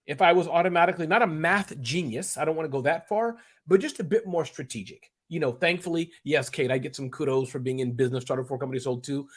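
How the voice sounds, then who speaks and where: A man, a guest in an interview, talking in a rambling, animated and emotional way. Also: fairly high pitch, fast talker, hardly any pauses. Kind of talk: casual interview chat.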